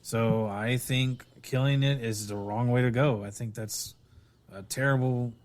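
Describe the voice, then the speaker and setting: Male podcast co-host, middle pitch, stop-start storytelling. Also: steady tone. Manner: halting storytelling with restarts. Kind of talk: casual podcast chat.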